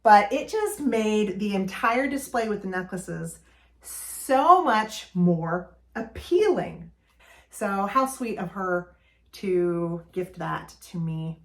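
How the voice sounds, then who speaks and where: A woman's voice: medium pitch, slow pace. A woman hosting her own vlog, talking casually and enthusiastically about her shopping finds, with frequent ums and uhs. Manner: chatty, enthusiastic, with many fillers. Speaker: vlog host. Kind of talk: casual shopping haul talk.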